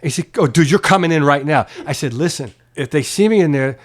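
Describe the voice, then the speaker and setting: A man's voice: fairly high pitch, brisk. A man being interviewed at home, telling a long story casually, acting out the other people in it and swearing freely. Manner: animated, swears freely, acts out quoted voices. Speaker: guest musician. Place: private home.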